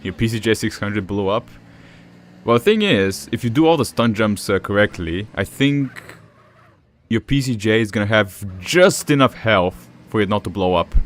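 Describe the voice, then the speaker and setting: A gaming streamer with an Eastern European accent chats casually while playing, rambling along with fillers and chuckles. His fairly low voice is expressive and moves at normal speed, with slight background noise in this gameplay commentary.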